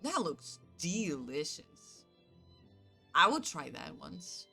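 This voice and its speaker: Woman streamer from canada chatting w chat, super lively up and down voice, bright tone, swears a lot, faint music behind. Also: low-pitched, slow pace, vocal fry, husky. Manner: animated storytelling, acting out both sides, swearing freely.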